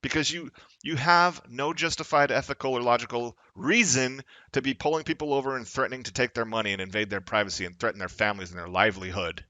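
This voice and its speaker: Man, vlogger, furious profane rant, tense bright voice, dead-dry sound. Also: mid-range voice, steady tone, fast talker, hardly any pauses, no echo. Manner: angry, profane, rising to shouts. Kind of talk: confrontational political rant.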